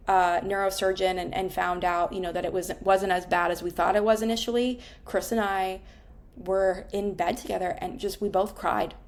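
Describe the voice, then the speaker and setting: A woman's voice: mid-range voice, vocal fry, a little mellow. Candid woman therapist, swearing freely. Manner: candid and emotional, swears often. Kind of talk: reflective personal monologue.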